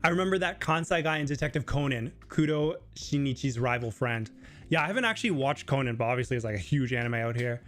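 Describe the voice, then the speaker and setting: A man hosting a casual live Q&A stream, talking loosely with lots of fillers and sometimes mimicking other people in a high voice. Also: lively intonation, quick pace, a bit bright, soft background music. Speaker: livestream host.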